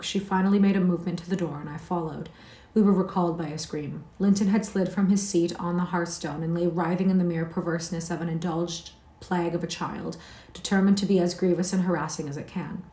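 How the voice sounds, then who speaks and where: Woman reader, low mellow voice, livestream novel reading, echoey room. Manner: steady, occasional slips and restarts. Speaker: audiobook reader.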